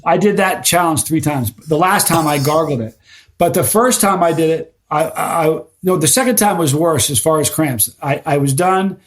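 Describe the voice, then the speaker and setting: A middle-aged man chatting casually as a podcast guest, telling animated stories and stumbling over repeated words when he gets going. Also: fairly high pitch, moderate pace.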